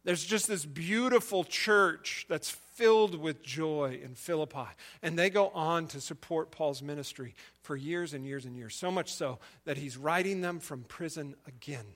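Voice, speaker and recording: A man's voice: fairly high pitch, a little slow, few pauses, a bit bright. A male preacher giving a sermon, retelling a story and asking the listeners questions.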